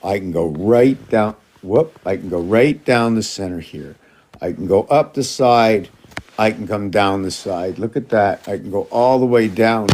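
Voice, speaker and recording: A man's voice: on the low side, a little slow, a little mellow. Rambling man talking to his cats. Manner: rambling, talks to his cats, jumps between loose ideas. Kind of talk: rambling casual monologue.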